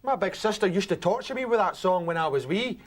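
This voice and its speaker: A man's voice: high voice, animated, a little fast. A young man with a Scottish accent telling a comic story in character, chatty and self-mocking, acting out the other voices. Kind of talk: theatre monologue.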